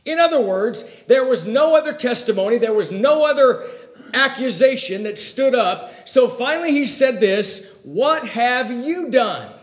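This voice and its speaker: A man with a notably high-pitched voice delivers a sermon, reading scripture and then unpacking it verse by verse. His delivery swings between loud, emphatic declarations and low, hushed asides. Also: expressive, moderate pace. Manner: dynamic preaching with sharp swings in loudness and pitch. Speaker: pastor.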